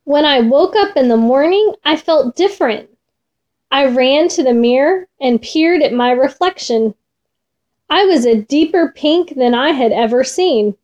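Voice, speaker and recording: High-voiced woman reading a children's story. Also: highs cut off. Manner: expressive, gentle, slow reading. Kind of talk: children's storybook read-aloud.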